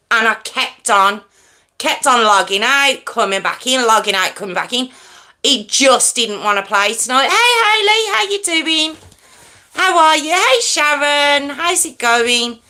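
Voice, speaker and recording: Chatty woman livestream host. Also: fairly high pitch. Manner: chatty, greets viewers by name, self-described loud and hyped. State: wheezy chest. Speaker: true crime livestream host. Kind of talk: casual livestream chat with viewers.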